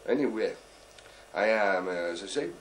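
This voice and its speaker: A bumbling, boastful deep sea diver, played by a man spins his tale in broken, halting English and keeps stopping for "uh" and "you know". His voice swoops up and down with lively pitch as he rambles along. There is a faint hiss behind him. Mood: rambling. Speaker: comic storyteller. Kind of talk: character stand-up monologue.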